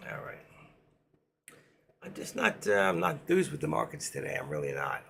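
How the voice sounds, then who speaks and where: A hoarse man hosting a live trading stream, rambling casually to himself and his viewers as he works through charts. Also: fairly high pitch, wildly swooping pitch, moderate pace, a bit bright, slight background noise. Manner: rambling, talks to himself while working charts. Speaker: livestream trading host.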